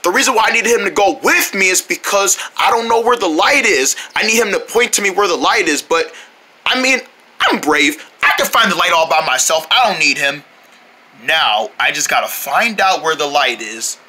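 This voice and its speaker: A man's voice: high voice, animated, moderate pace, sharp tone, breathy edge, full character voice. A man voicing a jittery young male cartoon character who claims he is brave but is easily spooked. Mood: nervous. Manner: insists he is brave, nervous and rambling. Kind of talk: homemade cartoon voice acting.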